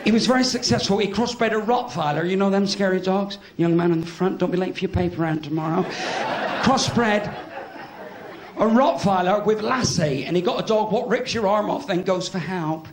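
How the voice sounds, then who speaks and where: A man's voice: sits high, moderate pace. A man with a West Country accent doing cheeky live stand-up in a cabaret club, bantering with the audience. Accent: West Country English. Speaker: stand-up comedian. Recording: echoey club with loud crowd and noise.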